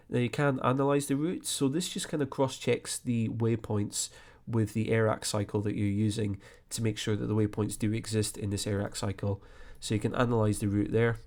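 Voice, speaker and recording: A man hosting a screen-recorded flight sim tutorial, explaining step by step in a relaxed way with frequent fillers. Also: lowish voice.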